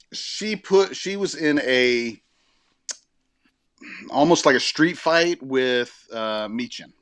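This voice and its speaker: A man of ordinary pitch co-hosts a casual podcast and talks through his opinions in a loose, rambling way. He keeps stopping to correct himself. His voice is recorded close and dry, with no room sound at all. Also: fairly bright tone, dry recording. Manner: rambling, self-correcting storytelling. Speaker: podcast co-host. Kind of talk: casual chat.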